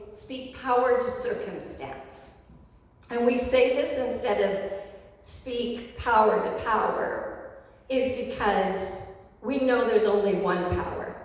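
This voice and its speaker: Woman minister, sermon, slow and reflective, far-off mic in a reverberant hall. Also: a little high, a little mellow. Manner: unhurried, reflective storytelling.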